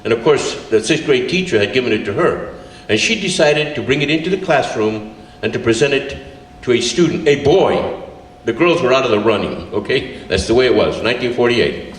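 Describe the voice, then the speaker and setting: A man in his seventies from California telling a childhood story to a live audience, chuckling and filling pauses as he goes. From California, USA. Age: 70s. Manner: animated, laughing, many fillers. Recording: roomy, distant live recording with faint rumble.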